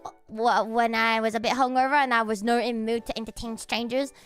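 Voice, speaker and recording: A woman livestreamer telling stories to her chat in a casual, animated way, swearing freely. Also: a little high, fairly quick, clear, resonant tone, soft background music.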